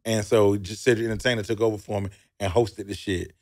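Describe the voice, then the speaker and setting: A man's voice: lowish voice, steady tone, a little fast. A man with a Southern US accent, telling a loose, profane story with laughs on a comedy talk show. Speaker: comedian guest.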